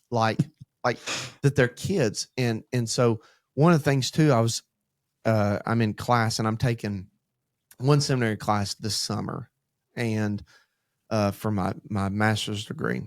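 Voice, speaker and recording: Dad rambling through church podcast talk. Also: male voice, on the low side, a little slow, no echo, clean studio sound. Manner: rambling, animated storytelling with acted-out quotes. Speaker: church podcast co-host, pastor in training. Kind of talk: casual faith discussion.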